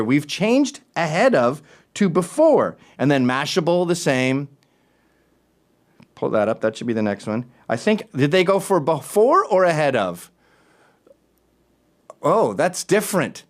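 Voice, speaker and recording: Animated, sarcastic male talk show host. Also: on the high side. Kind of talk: casual talk-show monologue.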